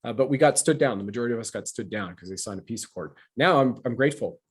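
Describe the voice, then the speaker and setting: A man's voice: medium pitch, lively intonation, rapid-fire, slightly rough. A man from Canada who hosts an interview show, talking in an emphatic, preachy way and lecturing with wordplay. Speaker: show host. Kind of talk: casual interview talk.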